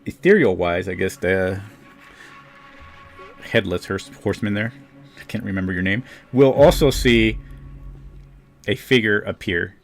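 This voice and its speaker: A man's voice: on the low side, gravelly. A man narrating a tabletop game as game master, in a loose, rambling way. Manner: loose, rambling, fillers and restarts.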